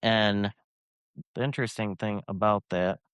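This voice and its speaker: A man's voice: lowish voice, steady tone, measured pace, fairly bright tone, clear, resonant tone, dry recording. A young man with a Michigan accent, co-hosting a podcast and telling rambling travel stories with plenty of fillers. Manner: rambling, filler-heavy storytelling. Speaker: podcast co-host. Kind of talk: casual chat.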